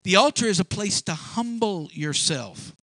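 A man's voice: high-pitched, expressive, a little slow, sharp tone, no room sound. A man preaching a sermon in a folksy, repetitive way, stumbling over words and acting out little scenes. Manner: folksy, repetitive, acts out voices for illustration.

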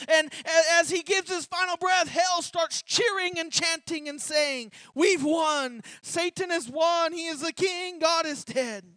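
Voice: sits high, a bit bright, no echo. A preacher giving a sermon as a vivid dramatic retelling, often repeating words as they restart a thought.

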